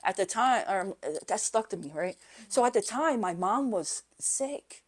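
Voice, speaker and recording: A woman's voice: mid-range voice, lively intonation, a little slow. A woman guest on a podcast, telling her life story in a rambling, candid way, often asking "right?" and swearing casually. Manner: rambling and candid, with frequent "right?" and "you know"; often drops to a quiet voice when reliving hard moments.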